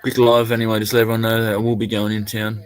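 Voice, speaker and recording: A man's voice: lowish voice, completely flat delivery, fast talker. An Australian man chatting casually on a live stream, rambling and laid-back, swearing now and then.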